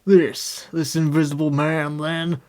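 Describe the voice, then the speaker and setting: Man voicing a calm bearded gunman, terse, steady, storybook. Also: on the high side, slow. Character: cool armed bearded American man.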